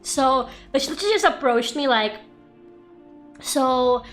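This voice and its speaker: Her high-pitched voice moves a little slowly over faint background music. She's a young VTuber, a native Russian speaker, casually chatting during a gaming stream in an echoey room and laughing as she rambles through animated stories.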